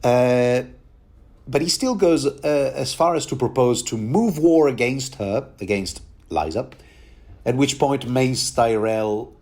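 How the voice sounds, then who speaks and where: A man's voice: mid-range voice, takes it slowly, darkish tone. A man giving a rambling, chatty commentary on a book, with many restarts and bits of laughter. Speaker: podcast host reading and commenting on a book.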